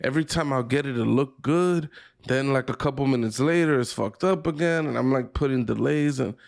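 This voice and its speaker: A man with a gravelly, creaky voice chatting loosely on a podcast. He rambles through a story, swearing freely. His pitch sits in an ordinary middle range. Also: fairly quick. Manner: rambling, profane, laughs a lot. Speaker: podcast co-host. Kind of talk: casual chat.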